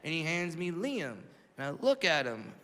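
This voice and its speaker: A man's voice: fairly high pitch, big pitch swings, moderate pace. A man in his thirties performing a brash stand-up comedy set on stage, acting out the voices in his stories. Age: 30s. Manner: brash storytelling, acts out voices. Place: comedy stage before a live audience. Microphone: handheld stage mic. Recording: reverberant venue with loud crowd noise.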